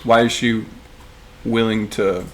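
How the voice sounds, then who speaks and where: A man's voice: fairly low pitch, little pitch movement, slow, a little hiss or hum. A man in casual podcast chat, hesitant with lots of fillers.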